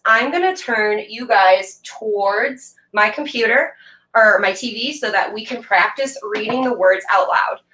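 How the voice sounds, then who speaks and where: Bright-voiced woman teaching a reading lesson. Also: fairly high pitch. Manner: slow, clear, encouraging teacher talk with drawn-out words. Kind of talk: recorded video lesson for young students. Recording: echoey room.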